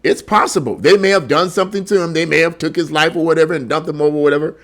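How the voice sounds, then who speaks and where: An indignant man rants through a commentary monologue, his voice sitting fairly high for a man. He keeps repeating words as he pushes his point and throws rhetorical questions at the listener. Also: quick pace, a bit bright. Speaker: online political commentator. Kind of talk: commentary monologue reacting to a news article.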